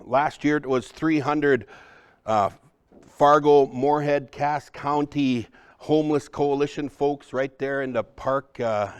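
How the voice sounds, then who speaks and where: A man with a baritone voice giving a live workshop presentation to a room of people, talking conversationally and often checking in with the audience. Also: clear, resonant tone. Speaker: cultural trainer presenting to a group.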